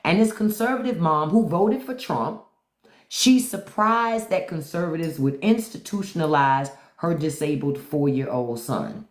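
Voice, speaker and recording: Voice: medium pitch, lively intonation, measured pace. A livestream host giving unscripted commentary in a blunt, profane, ranting way. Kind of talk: unscripted live-stream commentary. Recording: roomy echo.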